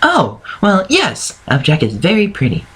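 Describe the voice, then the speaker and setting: Timid high-voiced pony girl, meek and stammering, as a man puts her on for a storybook reading. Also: huge pitch swings, normal speed, fairly bright tone, husky, heavily acted. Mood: shy. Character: timid soft-spoken young female pony.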